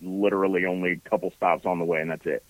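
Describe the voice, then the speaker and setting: A man from Ohio with a Midwestern accent, calling in by phone and chatting in a relaxed, plainspoken way. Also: deep voice, quick pace, dull audio, a crowd in the background. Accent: Midwestern American. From Ohio, USA. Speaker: caller. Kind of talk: phone call-in chat.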